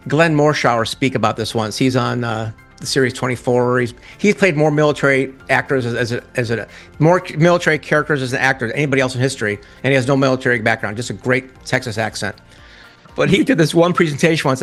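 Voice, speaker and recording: A man's voice: mid-range voice, fairly bright tone. A middle-aged man chatting as a podcast guest, enthusiastic and motivational, laughing easily. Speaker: podcast guest, publishing founder. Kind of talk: casual interview chat.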